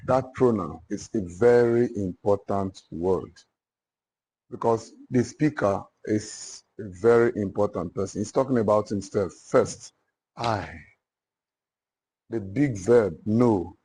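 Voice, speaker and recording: Nigerian man lecturing a class, repeats phrases for notes, low voice, very slow. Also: mellow, slight background noise. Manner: slow, repetitive dictation. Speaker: literature teacher.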